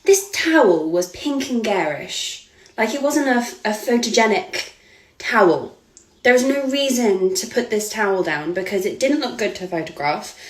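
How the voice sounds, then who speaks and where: A woman's voice: medium pitch, lively intonation, moderate pace. A woman, a model giving an earnest, hesitant personal account. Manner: earnest, hesitant, with frequent ums and restarts. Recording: echoey room.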